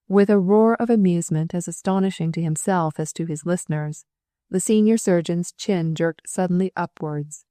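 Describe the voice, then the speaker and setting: A woman narrating an audiobook in a measured, expressive reading. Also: fairly low pitch, dry recording, clean studio sound. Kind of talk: storybook narration.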